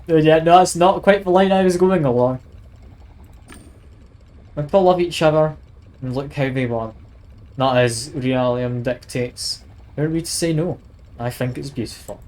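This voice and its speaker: A man's voice: mid-range voice, a little mellow. A man streaming a detective game, chatting wryly and reading game text aloud. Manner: chatty, wry, reads aloud with asides.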